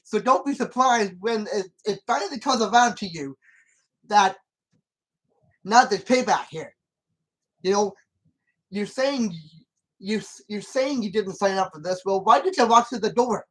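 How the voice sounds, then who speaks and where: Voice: medium pitch, lively intonation, unhurried, pauses often, a bit bright, poor audio. A channel host giving casual commentary on a film, rambling and repeating points with many restarts and arguing emphatically with the character.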